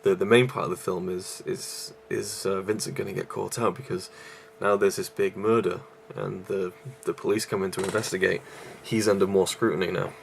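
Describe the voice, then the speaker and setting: Breathless man with a low, gravelly voice. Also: level tone, normal speed, few pauses, slight background noise. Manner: rambling, with many fillers and restarts. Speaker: YouTube movie reviewer. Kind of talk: casual vlog review.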